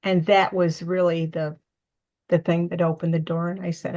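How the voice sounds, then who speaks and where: A woman's voice: fairly low pitch, normal speed, highs cut off. An older woman, a medium and author, telling personal stories in a casual interview from her living room, acting out quotes with feeling. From United States. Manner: emotional, animated storytelling with acted-out quotes.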